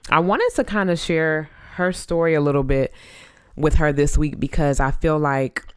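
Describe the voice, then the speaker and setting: A woman in her thirties hosting a podcast, telling a story in a chatty, animated way with many fillers. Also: a bass voice, clean tone, dry recording, clean studio sound. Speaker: podcast host. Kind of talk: casual chat.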